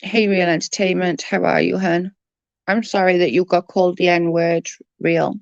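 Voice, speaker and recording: A woman's voice: lowish voice, steady tone, normal speed, gravelly, no room sound, lo-fi sound. A woman with a Welsh accent chatting casually on a live stream, greeting viewers by name in an earnest, emotional way. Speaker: livestream host.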